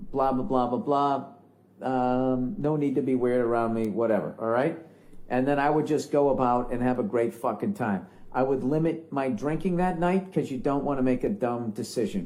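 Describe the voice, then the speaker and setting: A man's voice: medium pitch, dark tone. A man giving blunt, profane advice in a casual podcast chat. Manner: blunt, profane, matter-of-fact.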